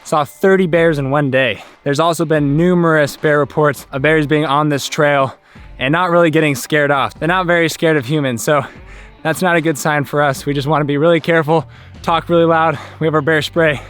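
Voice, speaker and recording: A young man talks his viewers through a forest hike, upbeat and informative. His voice sits a little high for a man and is picked up by a handheld camera mic out of doors. Light background music plays faintly under him. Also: steady tone, a little fast, fairly bright tone, clear, resonant tone. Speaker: vlogger and hiking guide. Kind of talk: outdoor travel vlog narration. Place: outdoors on a forest trail.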